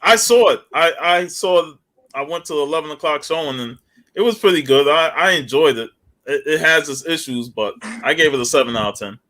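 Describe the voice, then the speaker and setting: Bright-voiced man co-hosting a live chat. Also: on the high side, brisk. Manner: relaxed, reads out viewer comments. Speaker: live stream co-host. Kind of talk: casual chat.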